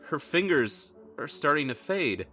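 A man's voice: fairly high pitch, animated, measured pace, sharp tone. A man narrating a tabletop role-playing game as game master, telling the story in dramatic second person.

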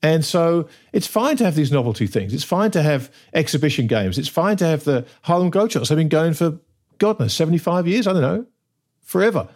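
A man's voice: fairly high pitch, expressive, brisk, darkish tone. A man co-hosting a casual talk show, making his points with emphasis and asking "right?" often. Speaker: podcast co-host. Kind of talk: casual conversation.

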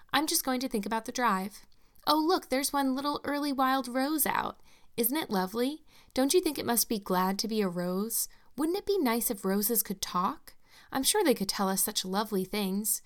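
A woman's voice: medium pitch, natural voice. A woman reading as a chatty, dreamy orphan girl. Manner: eager, dreamy, talkative.

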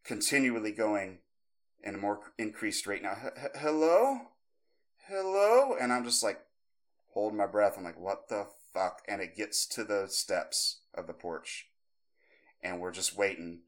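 Speaking at a moderate pace with a fairly low-pitched voice, a podcast co-host in his thirties works through a long story. He rambles, restarts, and uses plenty of fillers, animatedly acting out the voices within it.

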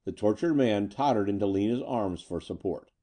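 Dark-voiced male story narrator. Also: lowish voice, lively intonation, normal speed. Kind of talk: dramatic story reading.

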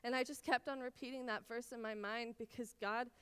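A woman's voice: a little high, fairly even intonation, fairly quick, fairly bright tone, clear, resonant tone, big-room sound. Earnest young woman teaching Bible study. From Israel. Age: 20s. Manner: earnest and personal, many "like"s, emotional at times.

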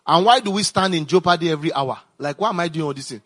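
A male pastor preaching with a bright, forceful tone and a slightly higher-than-average voice. He moves between reading scripture and pressing asides, often repeating his phrases for emphasis. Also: quick pace.

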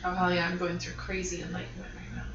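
A woman's voice: lowish voice, completely flat delivery, quick pace. A woman co-hosting a podcast in casual chat, blunt and joking, often laughing as she talks. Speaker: podcast co-host. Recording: echoey room, dull sound, background noise.

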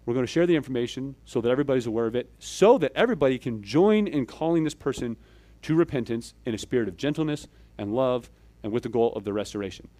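A church elder delivers a conversational sermon, walking through his points step by step and often checking in with "okay?" and "right?". He shifts between loud, emphatic pushes and quiet asides, speaking quickly in an expressive mid-range voice.

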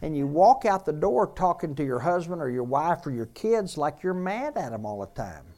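A man's voice: on the high side, sing-song, normal speed, warm tone. A man, a pastor, preaching a sermon in a conversational way and repeating key phrases for emphasis.

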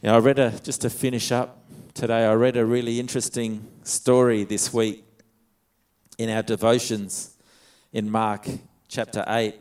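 A man's voice: mid-range voice, darkish tone, smooth. A man preaching a conversational sermon, reading scripture aloud and retelling it in his own words. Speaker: pastor.

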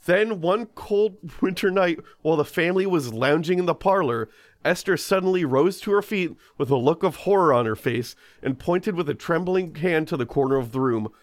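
A man with a somewhat high-pitched voice reads a ghost story aloud on a casual podcast. He often breaks off for joking asides. The sound is close and dry, with no room echo. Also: expressive, normal speed. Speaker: podcast host reading a story. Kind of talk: casual comedic podcast chat.

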